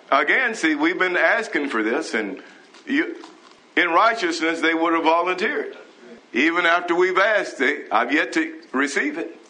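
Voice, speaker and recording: A man's voice: a little high, bright, forceful tone. A man preaching a fervent, scolding sermon on a live broadcast, reading scripture and breaking into hallelujahs. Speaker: pastor.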